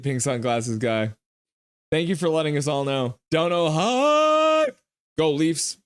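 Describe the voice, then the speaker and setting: A man's voice: a little high, no room sound, studio quality. Man joking through a live game stream. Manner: jokey, teasing, reads chat messages aloud. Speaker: streamer reading live chat. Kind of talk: casual live game reaction.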